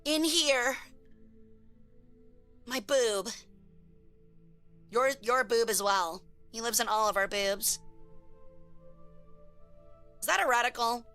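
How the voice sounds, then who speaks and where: Bright, crisp-voiced woman streamer. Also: a little high, slow pace, pauses often, soft background music. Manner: slangy, joking, reacting to chat. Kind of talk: casual live-stream chat.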